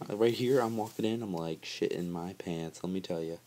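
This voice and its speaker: A man's voice: low-pitched, fairly quick, warm tone, a little hiss or hum. A man giving casual, chatty gameplay commentary over his footage, joking about himself and laughing often.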